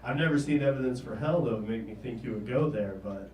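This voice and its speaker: A man in his thirties from the American South doing a stand-up set, halting and trailing off, often chuckling at his own jokes. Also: medium pitch, a little mellow, a little hiss or hum. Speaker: stand-up comedian. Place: comedy stage in a small room. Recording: roomy, distant live room recording.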